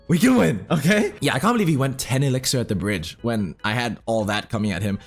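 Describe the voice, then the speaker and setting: A young man commenting on his own gameplay while telling a rambling story. He is excitable, swears freely, talks in slang and mutters about his moves as he plays. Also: medium pitch, fairly quick, slightly rough, soft background music. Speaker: gaming commentator. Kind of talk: casual storytelling over live gameplay.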